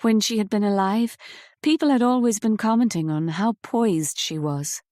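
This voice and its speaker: A woman reading a novel aloud in calm, measured scripted narration, close to the mic. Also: mid-range voice, dry recording. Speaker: audiobook narrator.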